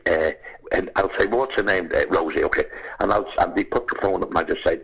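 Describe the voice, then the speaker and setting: An older man with a Liverpool accent, telling anecdotes as a podcast guest, animated and calling the listener "lad". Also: on the low side, fast talker, creaky, low-quality recording. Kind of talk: casual storytelling.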